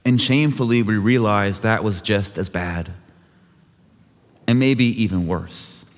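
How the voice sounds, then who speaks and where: A worship leader with a low, unhurried voice dramatically retells a scripture story during a church service, lightly voicing each character. The recording carries long hall reverb from the sanctuary.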